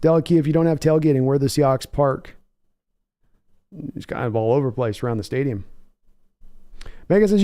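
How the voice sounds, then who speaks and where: Rambling man with a mellow voice. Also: medium pitch, expressive, a little fast, pauses often. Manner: rambling, filler-heavy. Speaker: podcast host. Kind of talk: casual live chat with play-by-play.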